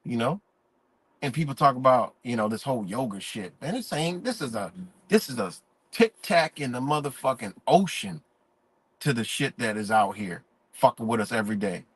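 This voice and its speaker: A man's voice: medium pitch, lively intonation, moderate pace, breathy edge. A man ranting in a profane, emphatic, preachy way during a live-stream monologue.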